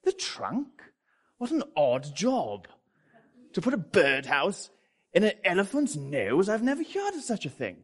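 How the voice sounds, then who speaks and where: A preacher puts on a prim British zookeeper, pitched far up into a squeaky register. His lines come out fussy and incredulous, with a British accent. He is a puzzled man who finds his orders very odd. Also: huge pitch swings, a little slow, slightly rough, exaggerated voice. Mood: baffled.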